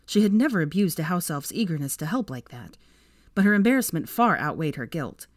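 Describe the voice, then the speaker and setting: Low-voiced woman reading a story. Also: no room sound, studio quality. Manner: expressive, measured reading. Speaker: fanfiction reader. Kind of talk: storybook narration.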